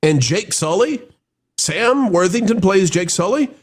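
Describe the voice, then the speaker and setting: Animated man hosting a live review. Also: sits high, unhurried. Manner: animated, rambling with frequent restarts. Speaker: live show host reviewing a film.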